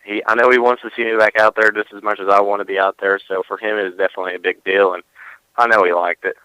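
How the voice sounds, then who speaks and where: A man's voice: fairly low pitch, level tone, quick pace, pushed and bright, smooth, dry recording, poor audio. A man speaking earnestly as a guest on a radio show. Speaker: racing driver guest on phone. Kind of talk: casual phone interview.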